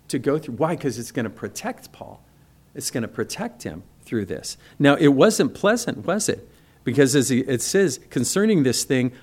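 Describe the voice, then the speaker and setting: A man preaching with a conversational warmth in his delivery and a mid-range voice. He asks the congregation rhetorical questions, then slows right down to lean into the scripture he reads aloud. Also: mid-range voice. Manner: slows to stress scripture quotes. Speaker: pastor. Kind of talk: sermon.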